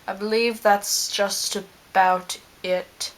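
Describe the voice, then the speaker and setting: A woman plays a smug male scientist who rambles along in an in-character fan video. He takes his time over every line, drawls slowly and pads his thoughts with ums. His pitch sits at an ordinary middle height. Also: steady tone, natural voice. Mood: rambling.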